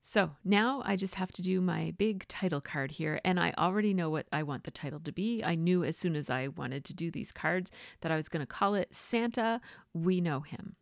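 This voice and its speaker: A woman chatting casually in a voice-over as she narrates her scrapbooking process, rambling a little and filling pauses with fillers. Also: on the low side, gravelly, no room sound, clean studio sound. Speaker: scrapbooking vlogger.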